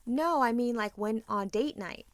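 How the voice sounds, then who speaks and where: A woman co-hosting a casual podcast chat, acting out stories with quick asides and plenty of swearing. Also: on the high side, no echo, studio quality. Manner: animated storytelling, acting out both sides of a date with quick whispered asides; swears freely. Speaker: podcast co-host.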